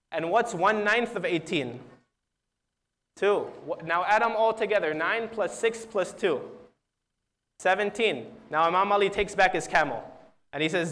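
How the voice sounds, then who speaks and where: High-voiced young man telling religious stories. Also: lively intonation, unhurried, fairly bright tone. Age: young adult. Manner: earnest storyteller who acts out quoted dialogue; repeats and restarts words. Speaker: youth speaker. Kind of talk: religious storytelling talk.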